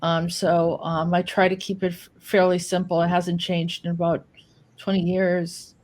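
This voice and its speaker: A woman answering questions as a podcast guest, speaking hesitantly with many pauses and restarts. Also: on the low side, monotone, a little mellow. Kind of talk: casual interview answers.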